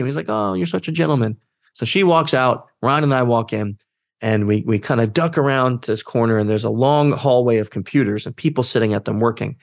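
A man telling a story as a guest in a career interview, acting out the dialogue and jumping up in pitch when he quotes people. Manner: animated, acts out quoted dialogue with his voice jumping up. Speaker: guest, social engineer.

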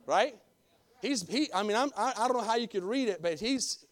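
A man's voice: high voice, expressive, moderate pace. A male pastor preaching a fervent sermon, calling for amens and talking straight to his congregation. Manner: fervent, calls for amens, talks directly to the congregation.

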